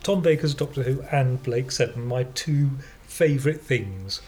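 A man's voice: medium pitch, lively intonation, a little slow, darkish tone. A man co-hosting a podcast, chatting with enthusiasm and keeping the talk on track. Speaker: podcast co-host. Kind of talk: casual chat. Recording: noisy background hiss.

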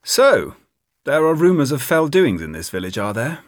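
A man's voice: mid-range voice, very animated, moderate pace, no echo, clean studio sound, pitched above the performer's own voice, lightly acted. A man reading aloud voices a smug, slightly dim male witchfinder, pushy and chatty. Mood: eager.

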